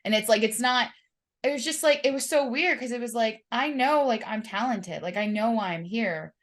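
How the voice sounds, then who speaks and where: A woman's voice: a little high, moderate pace. A woman hosting a podcast, telling stories conversationally with many filler words. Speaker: podcast host. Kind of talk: conversational interview chat.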